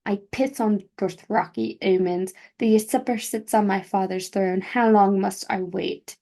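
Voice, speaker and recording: A woman's voice: mid-range voice, steady tone, a little slow, warm tone, natural voice. A woman voicing a proud, impatient young exiled prince in a read-aloud story, with haughty, angry outbursts. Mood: seething.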